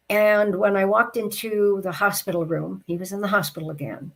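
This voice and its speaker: A woman, an interview guest, telling a personal story in a heartfelt, reflective way and slowing down at the emotional moments. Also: medium pitch, fairly even intonation, gravelly.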